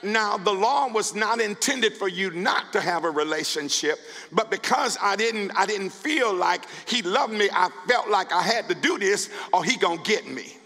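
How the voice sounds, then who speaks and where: A male pastor preaching a sermon, building from calm scripture reading to shouted calls to the congregation. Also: high voice, moderate pace, hardly any pauses, big-room sound. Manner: preaching, rising to shouts with repeated words. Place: church sanctuary.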